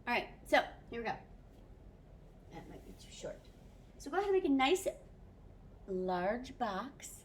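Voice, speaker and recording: A woman's voice: on the high side, sing-song, a little slow, long pauses, a little hiss or hum. A woman French teacher recording a video lesson for her students, upbeat and mixing French phrases into her English explanations.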